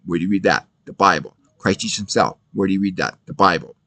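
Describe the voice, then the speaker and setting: A man's voice: sits low, fast talker, bright, forceful tone, no room sound. A man giving a casual video Bible lesson, emphatic and repetitive, asking rhetorical questions and answering them himself. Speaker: Bible teacher.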